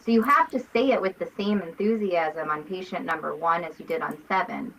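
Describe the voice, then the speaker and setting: A woman co-hosting a casual book discussion, talking in an animated, emphatic way. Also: medium pitch, muffled recording. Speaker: podcast co-host.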